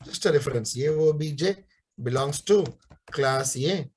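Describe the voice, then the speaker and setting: A young man leads a live coding class, his voice sitting a little high for a man. He repeats his questions, scolds students for careless mistakes and then cheers them on. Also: normal speed, a little mellow, husky. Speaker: programming teacher.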